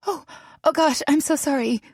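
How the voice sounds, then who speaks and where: A woman's voice: fairly high pitch, lively intonation, moderate pace, vocal fry, a little mellow, no echo, studio quality, pitched above the performer's own voice. A woman voicing a flustered, eager young woman in her thirties who stammers and sounds breathless. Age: 30s.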